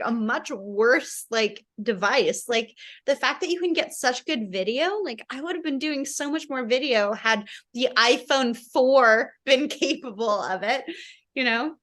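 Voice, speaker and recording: A woman with a fairly high voice talks over a video call as a guest author. She muses reflectively, often reaching for "like", and breaks into laughter easily. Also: lively intonation, moderate pace, fairly bright tone. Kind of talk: casual conversation.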